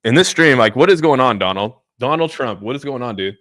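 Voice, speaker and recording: Brisk and lively, his mid-range voice carries a fairly bright tone. He's a young crypto livestream host who keeps laughing at his chat, saying "dude" over and over with giddy amusement.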